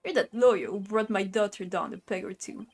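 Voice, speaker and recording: A woman's voice: medium pitch, fairly quick. Brooklyn-accented tough-guy minister, blustering and threatening, woman doing the voice, gangster drawl. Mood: gruff, menacing. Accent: put-on Brooklyn. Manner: gruff gangster bluster, tags lines with "see?".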